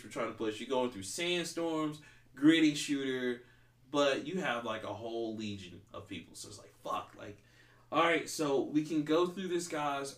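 Brief: male podcast host, loose and profane, filler-heavy storytelling, mid pitch, roomy echo. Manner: rambling, profane, heavy use of "like". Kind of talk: casual chat.

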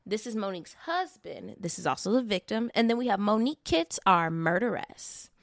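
A woman's voice: mid-range voice, moderate pace, no room sound. Chatty woman podcast host, dry sound. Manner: chatty, animated, self-deprecating. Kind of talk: casual true-crime podcast chat.

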